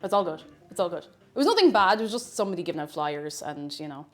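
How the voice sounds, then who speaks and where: A woman's voice: fairly low pitch, very animated, quick pace, soft background music. A young Irish woman hosting a baking livestream from her home kitchen, chatting and rambling through stories with frequent laughs. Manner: chatty, rambling storyteller who laughs often. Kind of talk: casual chat while baking.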